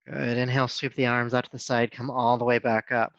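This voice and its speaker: A man teaching a yoga class, giving calm, steady cues with soft hums between poses. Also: medium pitch, fairly quick, no echo. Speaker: yoga instructor. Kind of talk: guided yoga class instruction. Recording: dull, dry sound.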